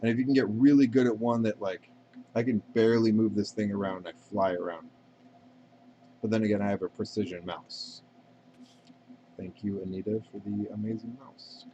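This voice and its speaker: A man's voice: lowish voice, fairly even intonation, moderate pace, pauses often, warm tone, dull audio, a little hiss or hum. A man chatting casually and rambling while playing a game on a live stream, swearing freely and answering viewer questions.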